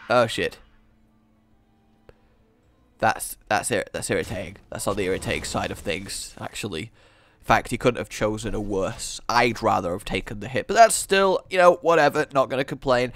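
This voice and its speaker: A man's voice: medium pitch, animated, moderate pace. A man giving joking, rambling commentary over a card game he's playing, with sarcastic asides. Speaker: gaming video host. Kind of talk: let's-play commentary.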